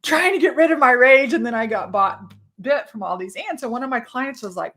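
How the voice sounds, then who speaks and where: A woman from Texas, telling a personal story in a casual monologue, animated and swearing freely. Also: a little high, brisk. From Texas, USA. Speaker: podcast host.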